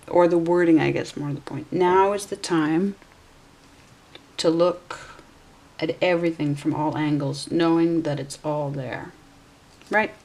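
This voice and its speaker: A woman's voice: sits low, a little mellow. A woman in her forties giving a casual tarot reading, musing aloud and correcting herself as she goes. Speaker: tarot reader.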